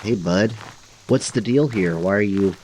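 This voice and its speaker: A man's voice: fairly low pitch, a little slow, a little mellow, slight background noise, natural voice, low-quality recording. A man playing an easygoing adventurer. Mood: questioning. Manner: casual, easygoing. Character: friendly male adventurer questioning guards.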